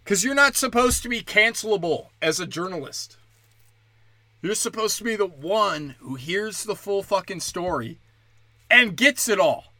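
A man's voice: high voice, animated, measured pace, bright, forceful tone, no room sound. Tense, heated man ranting. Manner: profane, heated, slips into mocking voices. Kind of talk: ranting monologue.

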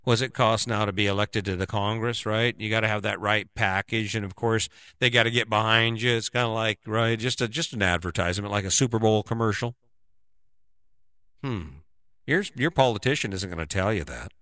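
A man's voice: fairly low pitch, a little fast, pushed and bright, clear, resonant tone, no room sound. A middle-aged man giving a casual, rambling opinion monologue, often tagging on "right?". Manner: rambling, keeps asking "right?".

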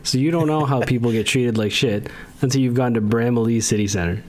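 A man's voice: medium pitch, a little fast. A man co-hosting a podcast, chatting casually, laughing as he talks and restarting his words. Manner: laid-back, laughs while talking, restarts words. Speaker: podcast co-host. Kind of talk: casual chat.

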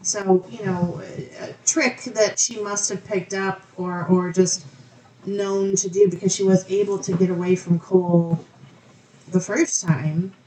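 A woman's voice: mid-range voice, flat delivery, measured pace, mellow. A woman casually explaining a film plot, thoughtful and a bit hesitant. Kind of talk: casual film recap chat. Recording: echoey and distant from mic.

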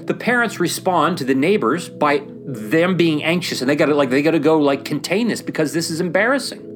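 A man talking about faith in a casual, animated way, often acting out the voices he quotes and using fillers like "like". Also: on the high side, a little fast, faint music behind. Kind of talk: casual sermon-style chat.

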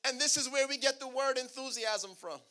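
A man's voice: very high-pitched, brisk, bright, forceful tone. A male pastor preaching a sermon, calling out to the congregation and asking it to answer back. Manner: preaching with call-and-response to the congregation.

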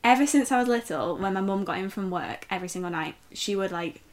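A young woman, chatting as a podcast co-host. She is playful and teasing, and laughter keeps slipping into her stories. Her pitch is ordinary, neither high nor low. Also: animated, quick pace. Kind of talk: casual chat.

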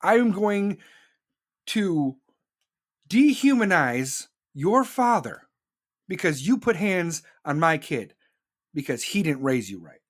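A man's voice: fairly high pitch, very animated, slow pace, pauses often. A man hosting a podcast, ranting in a blunt, profane monologue and repeating lines for emphasis. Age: adult with children. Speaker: podcast host.

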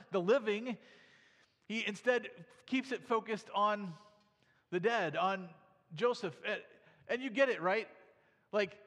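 A man's voice: sits high, a bit bright. A man preaching a sermon, reading scripture aloud and then explaining it in a conversational way, often asking "right?". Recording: long hall reverb.

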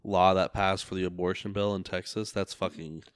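A man's voice: low voice, fairly even intonation, normal speed, smooth, dry recording, studio quality. A man in casual chat who tells long rambling stories and swears a lot. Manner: rambling storyteller, heavy swearing.

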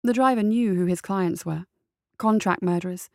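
A woman reading a dark adventure story aloud as its narrator, with a steady, even storytelling delivery. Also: mid-range voice, moderate pace, no echo, clean studio sound.

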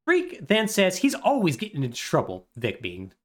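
Co-hosting a podcast, a man with a high voice and huge pitch swings speaks at normal speed. He wryly and sarcastically retells a video game plot in casual chat, acting out the characters' dialogue.

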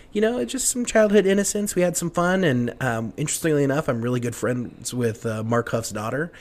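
A young man telling a story as a podcast guest, rambling with many fillers and restarts, dropping to a hush at the tense parts. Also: fairly high pitch. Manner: rambling, many fillers and restarts, hushed when retelling fear. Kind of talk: casual storytelling.

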